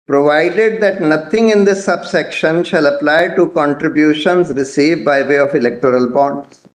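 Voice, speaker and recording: Advocate role: Indian-accented man, slightly higher voice, methodical courtroom argument, roomy echoing sound. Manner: measured, methodical, formally addresses the bench. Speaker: advocate arguing before a court. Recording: echoey courtroom audio.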